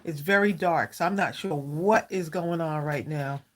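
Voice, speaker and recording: A woman's voice: low-pitched, moderate pace, a little hiss or hum. A woman hosting a live crafting stream, chatting casually with viewers, greeting them by name and saying "y'all" a lot. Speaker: craft livestream host.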